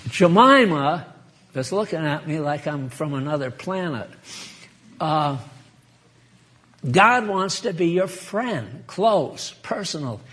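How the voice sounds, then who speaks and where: A man preaching in a chatty, folksy way with a fairly high voice. He takes his time and stays unhurried. He laughs easily and talks straight to his listeners. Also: lively intonation, fairly bright tone. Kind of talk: informal sermon.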